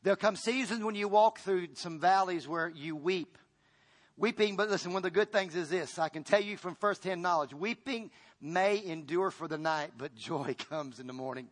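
A man preaching a sermon as a pastor. His delivery swings from loud to hushed, and he repeats words and restarts phrases as he goes. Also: high-pitched, moderate pace.

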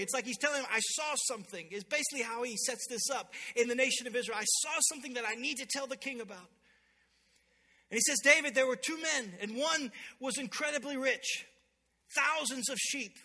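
Man, preacher, bright ringing voice, emphatic, reverberant hall. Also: extremely high pitch. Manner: storytelling preacher, builds to loud emphatic peaks. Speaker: pastor. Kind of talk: sermon.

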